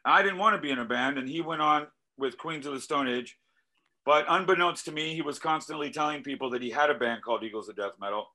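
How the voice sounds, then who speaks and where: A male musician talking casually in an interview, telling animated stories, acting out quoted voices and swearing freely. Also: on the high side, fast, low-quality recording. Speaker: musician guest.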